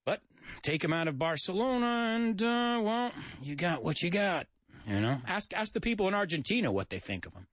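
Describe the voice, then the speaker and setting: A man's voice: high voice, sing-song, moderate pace, fairly bright tone, no room sound, clean studio sound. A man from the United States hosting a casual English lesson, joking and spelling out words for learners. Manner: chatty, jokey, repeats and spells out words. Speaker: English teacher and show host.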